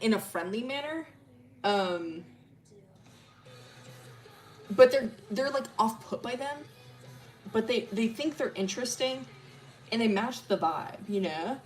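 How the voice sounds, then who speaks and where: A woman streamer casually telling a story about her original characters, rambling with lots of fillers, swearing freely and laughing often. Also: medium pitch. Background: faint music.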